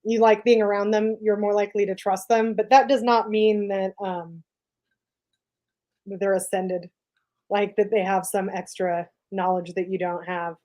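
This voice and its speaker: A woman's voice: mid-range voice, steady tone, moderate pace, mellow. A woman co-hosting a conversational podcast, talking through ideas in a loose, chatty way. She leans on "like" and "right?" often and circles back as she thinks. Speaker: podcast co-host. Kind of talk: casual discussion.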